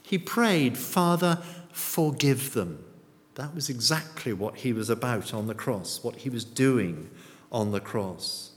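A man's voice: mid-range voice, lively intonation, a little slow. A man preaching a sermon in a church, often putting rhetorical and tag questions to the congregation. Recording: long church reverb.

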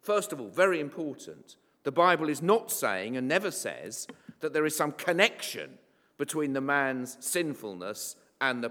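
A man's voice: medium pitch, a bit bright. A man preaching a sermon in a conversational, wry way, with asides and fillers. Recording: long hall reverb.

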